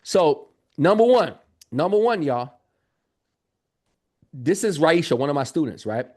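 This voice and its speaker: Animated man coaching his chat. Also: on the high side, measured pace. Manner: animated, talks straight to the chat with lots of y'all. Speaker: Airbnb business coach. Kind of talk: casual livestream teaching. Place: home office.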